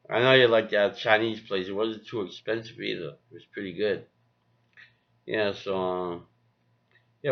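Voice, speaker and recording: A man's voice: on the low side, muffled recording. A man rambling in a casual vlog, repeating himself and talking to his cat and his viewers. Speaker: vlogger. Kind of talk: casual vlog talk to camera.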